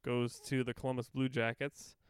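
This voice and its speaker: A man co-hosting a podcast in casual chat, animated and swearing often. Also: mid-range voice, normal speed, smooth, no echo. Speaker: podcast co-host.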